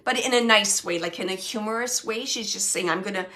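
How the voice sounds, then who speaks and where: During a mediumship reading, a middle-aged woman with a higher-pitched voice relays a spirit's message. She speaks haltingly, searching for words with many fillers and repeats, and shifts between a soft hush and brighter laughter.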